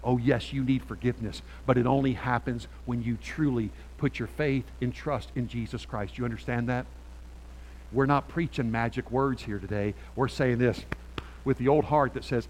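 A middle-aged male pastor preaching a sermon on a handheld mic, animated and emphatic, swinging from quiet asides to loud peaks. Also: medium pitch, moderate pace, big-room sound, slight background noise.

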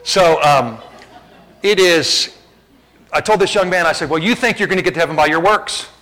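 A man's voice: a little high, lively intonation, moderate pace, sharp tone, rough recording. A male pastor preaching a sermon, shifting between casual asides to the congregation and emphatic, rising exhortation.

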